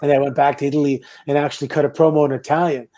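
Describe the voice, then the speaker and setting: Middle-aged Canadian man, warm mellow guest voice, easygoing laughing storyteller. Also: fairly high pitch, rapid-fire. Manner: relaxed, laughing anecdotes. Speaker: guest, former pro wrestler. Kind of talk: casual storytelling.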